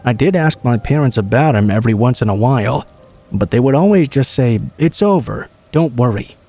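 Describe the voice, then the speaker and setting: Man, mellow dark tone, calm even delivery, horror story narration. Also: mid-range voice, a little fast. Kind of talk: scripted narration of true horror stories.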